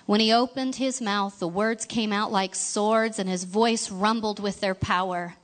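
A woman narrating a storybook in a gentle, expressive reading voice, now and then asking the listener questions. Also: medium pitch, measured pace, few pauses.

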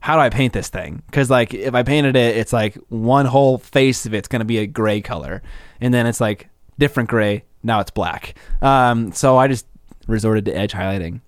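A man's voice: medium pitch, moderate pace, no room sound, clean studio sound. An American man co-hosting a casual chat, rambling and self-conscious, often trailing off. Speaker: podcast co-host. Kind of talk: casual chat about miniature painting. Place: cold basement room.

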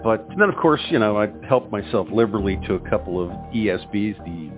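A man's voice: on the low side, lively intonation, brisk. Rambling man telling a comic story. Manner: meandering, full of 'you know' and restarts. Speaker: comedy podcast co-host. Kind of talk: rambling comedic anecdote. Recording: phone-like audio with faint music.

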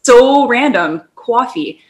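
A woman's voice: on the high side, animated, slow. A woman co-hosting a podcast in casual chat, rambling through tangents and laughing often. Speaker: podcast co-host.

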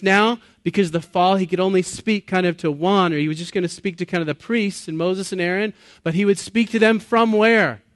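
A man in his late thirties preaches to a gathered congregation in a slightly raised voice. He talks in an earnest, chatty way, laughs at himself, and quizzes the crowd. The sound is close and dry, with little room echo. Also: sits high. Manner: conversational and earnest, laughs at himself, asks the audience questions. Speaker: pastor. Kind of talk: sermon. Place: church or meeting hall with an audience.

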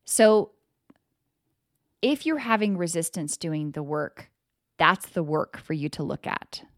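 Her voice is low with lively intonation, and she takes it slowly as she hosts a solo motivational podcast, emphatic and profane, slipping into loud impressions of others. The studio-quality audio has no echo.

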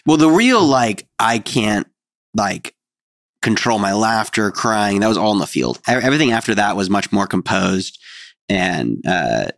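A young man with a lowish voice whose pitch moves around a lot, co-hosting a relaxed podcast. He laughs easily and backs up his co-host with quick replies. The recording is close and dry. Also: vocal fry, dry recording. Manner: laughs often, short agreeing replies. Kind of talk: casual chat.

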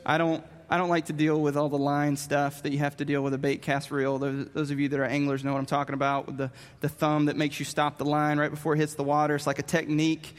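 A man telling a story with animated, self-mocking humor as part of a sermon. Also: fairly high pitch, fast, hardly any pauses. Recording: long reverb of a large hall.

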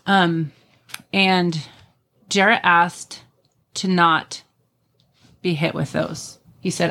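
A woman's voice: on the low side, fairly even intonation, drawn-out words, creaky, pauses often, a bit bright. A middle-aged woman telling family stories in a casual, earnest conversation, with many ums. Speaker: podcast guest.

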